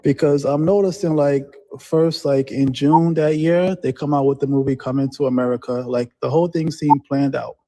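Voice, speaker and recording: A man's voice: medium pitch, fairly even intonation, moderate pace, hardly any pauses, dark tone. A man calling in to a talk show, rambling on with many fillers. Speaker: caller. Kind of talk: casual phone-in chat.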